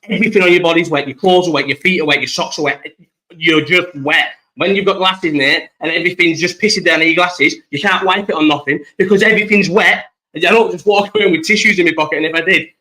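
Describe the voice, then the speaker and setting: A man's voice: fairly high pitch, bright, forceful tone, rough recording. A man hosting a casual live-chat podcast, telling rambling stories and swearing freely. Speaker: podcast host.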